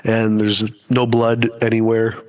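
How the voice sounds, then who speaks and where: A man narrating a tabletop game as game master in slow, descriptive speech over a voice call. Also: fairly low pitch, completely flat delivery, a little mellow. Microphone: voice call microphone.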